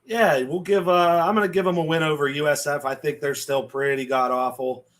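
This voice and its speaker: A man's voice: a little high, steady tone, fairly quick, fairly bright tone. A man co-hosting a casual sports podcast, chatty and joking as he breaks down college football picks. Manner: chatty, laughs often, joking. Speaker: podcast co-host. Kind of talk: casual sports betting chat.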